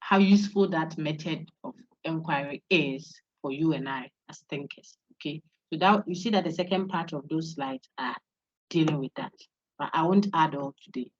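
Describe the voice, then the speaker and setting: A woman's voice: low voice, normal speed. A woman giving an online university philosophy lecture, coaching students to repeat names after her. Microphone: video call. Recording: dull lo-fi online call audio.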